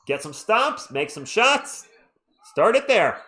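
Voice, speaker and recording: A man's voice: high voice, big pitch swings, slow, background noise. A man hosting a live stream, giving casual fan play-by-play of a basketball game and chatting with viewers between plays.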